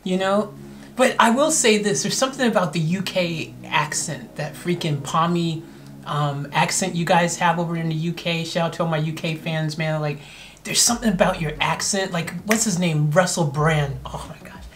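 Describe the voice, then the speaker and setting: A woman from America hosting a reaction video, chatting casually and excitably to viewers with lots of slang. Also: lowish voice, moderate pace, a little hiss or hum. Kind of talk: casual commentary.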